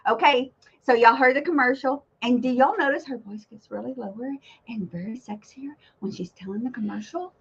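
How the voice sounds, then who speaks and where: A woman, giggly and animated as she tells stories in a casual chat. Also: on the high side, normal speed, vocal fry, slightly rough. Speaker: co-host of a vintage-selling chat stream. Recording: muffled lo-fi stream audio.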